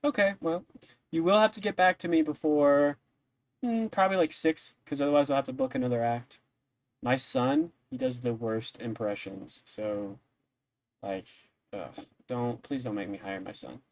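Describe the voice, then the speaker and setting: A man's voice: medium pitch, expressive, normal speed, gravelly, no room sound, dull audio. A man playing a chatty innkeeper woman. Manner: rambling, casual, many fillers.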